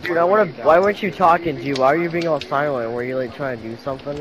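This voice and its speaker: A man's voice: fairly high pitch, fast, highs cut off, crowd noise. A young man chatting with friends over a game, joking and swearing as he teases them. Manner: joking, crude, teasing. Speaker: teammate. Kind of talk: casual party chat while gaming.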